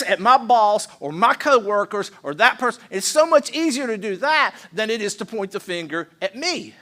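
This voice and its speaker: A pastor preaching a playful sermon and leading the congregation in call-and-response. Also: male voice, very high voice, pushed and bright. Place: church sanctuary.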